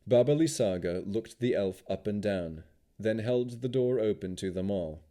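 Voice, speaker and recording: Reading at a moderate pace, a fairly low-pitched male narrator brings a fantasy audiobook to life with expressive storytelling.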